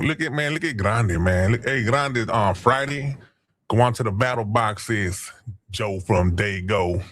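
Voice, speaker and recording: A man hosting a casual livestream, talking slangy street talk, swearing and giving shout-outs to people in the chat. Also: fairly low pitch. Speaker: livestream host.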